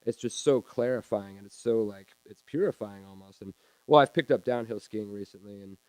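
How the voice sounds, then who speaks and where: A man telling a personal story live on stage in a small theater, halting and repeating words as he acts out his own reactions. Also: on the low side, darkish tone, no echo.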